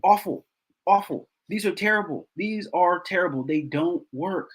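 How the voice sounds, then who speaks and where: A man's voice: high-pitched, lively intonation, normal speed, fairly bright tone, slight background noise, low-quality recording. A man hosting a football film breakdown, talking casually and repeating himself in exasperation.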